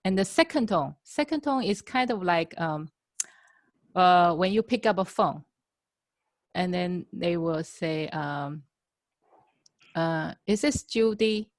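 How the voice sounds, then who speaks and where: A woman whose first language is Chinese teaches in English over a video call, speaking slowly with frequent fillers and restarts. Her voice is lowish and the sound is close and dry. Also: expressive, no echo. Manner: hesitant, many fillers and restarts, explains with everyday examples. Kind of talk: casual classroom explanation.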